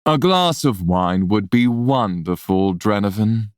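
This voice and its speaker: A woman voicing a smug, menacing man who speaks straight into others' minds, in a slow, low, teasing drawl, with a dry sound close to the mic. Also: animated, darkish tone, dry recording, full character voice.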